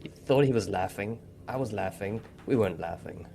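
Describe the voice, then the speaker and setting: A man's voice: on the low side, normal speed, vocal fry, dark tone, a little hiss or hum. A man voicing a jittery, paranoid male agent over a radio during a tabletop game. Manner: suspicious, tense.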